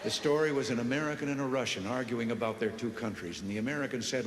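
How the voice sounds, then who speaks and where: A man telling jokes in a speech, in a relaxed, folksy storytelling manner, often chuckling at his own punchlines. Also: medium pitch, fast talker, hardly any pauses, slight background noise. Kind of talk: anecdotal speech.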